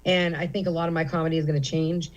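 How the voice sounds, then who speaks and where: A woman's voice: low-pitched, flat delivery, fast talker, low-quality recording. Candid, rambling middle-aged woman comedian. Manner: candid, rambling with many fillers. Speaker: comedian guest. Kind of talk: casual interview chat. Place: comedy theater.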